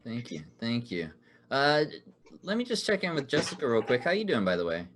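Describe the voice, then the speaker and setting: Man as game show host, upbeat, mid pitch, laughs a lot while explaining rules. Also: wildly swooping pitch, a little fast, a bit bright. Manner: upbeat, laughing often, reading rules aloud. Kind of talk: hosting an online improv card game.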